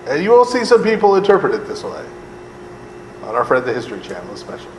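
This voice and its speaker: This priest talks fast at medium pitch with huge swings in his intonation as he leads a Bible study in a conversational way. "Right?" comes up often, along with laughter and sarcastic comments. Recorded in an echoey room with long reverb and faint air conditioning hum.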